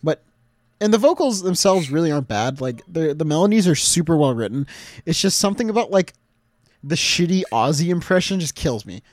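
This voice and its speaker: A young man chats casually on a music podcast, rambling with enthusiasm and laughing often. His voice sits at an ordinary pitch. The sound is dry and close, with no room audible. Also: animated, brisk, no echo. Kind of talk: casual chat.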